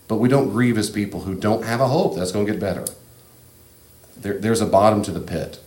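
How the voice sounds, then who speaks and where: A man's voice: sits low, darkish tone. A man giving an earnest, direct teaching talk as a preacher. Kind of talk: sermon-style teaching talk. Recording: echoey room, faint ambient noise.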